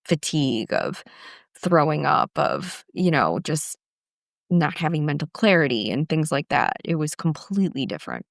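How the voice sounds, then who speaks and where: Low, gravelly-voiced woman in her forties. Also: big pitch swings, moderate pace, no room sound, studio quality. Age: 40s. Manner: reflective, frequent restarts and fillers. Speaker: guest. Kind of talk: candid personal storytelling.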